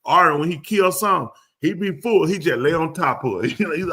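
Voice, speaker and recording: A man's voice: a little high, lively intonation, brisk, bright, forceful tone, slightly rough. A man hosting a live comedy show, riffing loosely and acting out both sides of a conversation in slang for the audience. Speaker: comedic talk show host.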